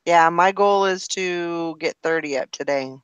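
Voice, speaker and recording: A woman's voice: fairly low pitch, measured pace, clear, resonant tone, no room sound, lo-fi sound. A woman hosting a live reseller chat show, upbeat and encouraging toward her guests. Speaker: host.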